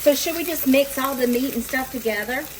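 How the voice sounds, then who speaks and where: This cooking vlog host, a woman with a higher voice, talks a little fast to her viewers in her home kitchen, chatty and self-deprecating as she cooks. The background is noisy with a loudly sizzling frying pan.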